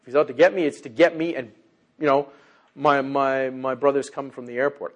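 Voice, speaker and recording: A man preaching a sermon as pastor, swinging from loud emphatic bursts to hushed, low passages. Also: quick pace.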